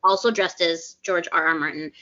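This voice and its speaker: A woman guest on a podcast, telling stories in a bubbly, animated way with gasps and laughs. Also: lowish voice, moderate pace. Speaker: guest actress. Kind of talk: casual podcast chat. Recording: dull lo-fi sound.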